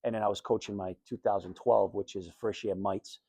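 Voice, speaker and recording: A man giving a personal talk to high school students as a guest speaker, telling his story in a candid, plain, conversational way. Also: steady tone, brisk, warm tone, slightly rough, no echo. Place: school classroom.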